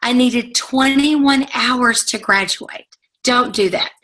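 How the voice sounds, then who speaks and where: A woman's voice: a little high, slow, bright, forceful tone, poor audio. A woman in her forties telling her personal story to an audience as a motivational speaker, earnest and heartfelt and speaking straight to her listeners. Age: 40s.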